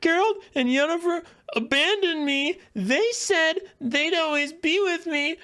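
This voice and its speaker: A man voicing a whiny, self-pitying teenage girl in a high, wailing voice, mocking her as he retells the story. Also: measured pace, sharp tone, exaggerated voice.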